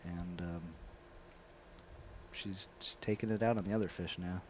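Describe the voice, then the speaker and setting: A man in casual comedic chat on a web show, making wry, quietly sarcastic remarks. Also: sits low, steady tone, unhurried, a little hiss or hum.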